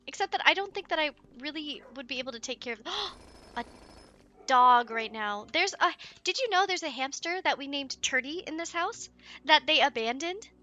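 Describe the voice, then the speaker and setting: A woman giving let's play commentary, excitable and giggly, chatting to her viewers and cooing at in-game pets. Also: sits high, moderate pace.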